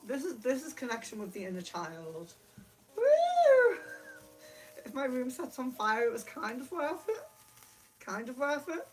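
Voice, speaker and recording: A woman hosting a spiritual livestream from her room, giggly and excitable, laughing often, speaking to a camera set far across the room. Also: a little high, normal speed. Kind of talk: casual livestream chat. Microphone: camera mic from across the room.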